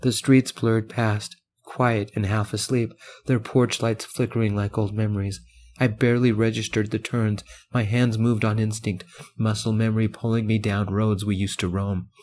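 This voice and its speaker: Low, even male audiobook narrator. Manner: measured, earnest storytelling. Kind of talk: first-person audiobook narration.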